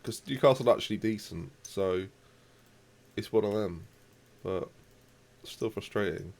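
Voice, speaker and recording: A young man commentating live on his football management game, reacting loudly to the match and chatting to viewers. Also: lowish voice, unhurried, vocal fry.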